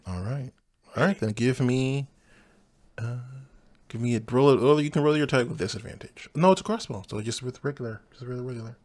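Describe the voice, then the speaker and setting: A man running a tabletop game as game master, describing scenes in an unhurried way. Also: medium pitch, a little mellow.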